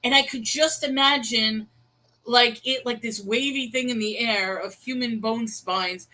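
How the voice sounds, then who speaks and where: A woman co-hosts an online talk show, telling stories with lively, chatty energy. Her voice sits a little high and sounds bright and forceful. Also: measured pace, rough recording. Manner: animated storytelling, chatty. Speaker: co-host. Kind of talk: casual online chat.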